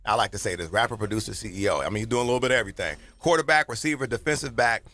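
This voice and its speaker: A man's voice: lowish voice, pushed and bright. A man with a Southern Californian accent co-hosting a sports radio show in a studio, teasing and bantering in casual talk. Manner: playful, teasing, fast banter.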